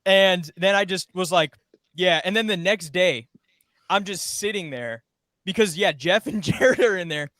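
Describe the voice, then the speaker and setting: A man's voice: high voice, measured pace, fairly bright tone, dry recording. A young man and former podcast intern, telling a rambling story in casual chat and acting out quoted lines.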